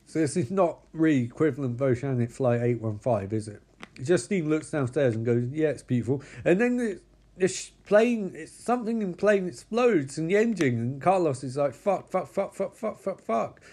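A man's voice: fairly high pitch, moderate pace. A man, casually recapping a film and acting out the characters' lines. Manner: animated, acts out characters' lines, swears a lot. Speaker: film commentator.

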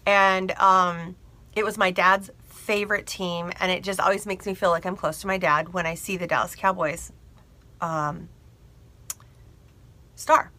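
A woman chattily telling a personal story to camera, animated and confiding, a bridal seamstress. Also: fairly low pitch, unhurried, long pauses.

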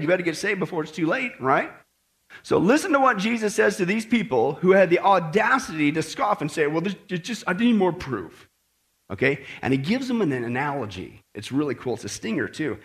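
A male pastor delivers a sermon with a high, strongly animated voice whose pitch leaps and drops as he acts out the people he quotes. He keeps drawing the congregation in with quick "okay" and "right" checks. His delivery is that of a church preacher in full flow. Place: church in Las Vegas.

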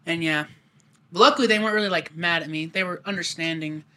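A man's voice: a little high, quick pace. A young man casually telling a rambling, profane childhood story to friends. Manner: rambling, profane, animated retelling.

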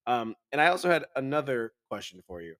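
A man's voice: medium pitch, sing-song, fast talker, fairly bright tone. A man co-hosting a casual podcast, telling a rambling story with lots of laughs and quoted back-and-forth. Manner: rambling storytelling, laughing often, quoting himself and others. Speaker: podcast co-host.

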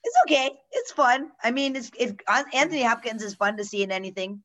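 A woman's voice: on the high side, expressive, a little fast, fairly bright tone, slight background noise. A woman co-hosting a casual chat, sharing strong opinions in a loose, rambling flow full of asides.

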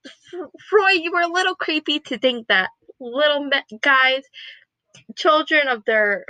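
Young woman vlogger, high bright voice, rambling and gushy, dry close sound. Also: a little slow, no room sound, rough recording. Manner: rambling and gushing, drifts off topic, whispers at times. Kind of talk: casual chat to camera.

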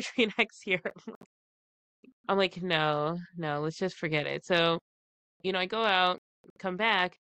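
This is a woman co-hosting a podcast, telling a personal story in casual chat. She acts out the quoted dialogue with lots of expression and laughs along the way. Her voice is bright and forward, and the recording is dry and close. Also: mid-range voice, smooth, no room sound. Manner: animated retelling with quoted dialogue and frequent laughs. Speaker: podcast co-host.

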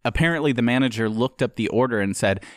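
A man telling a story in casual chat, animated and acting out the voices of the people in it. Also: mid-range voice, quick pace, no echo, clean studio sound.

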